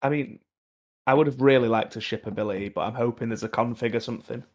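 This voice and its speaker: A man's voice: mid-range voice, quick pace. A man with a Birmingham accent co-hosting a casual gaming podcast, easygoing and teasing. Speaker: podcast co-host.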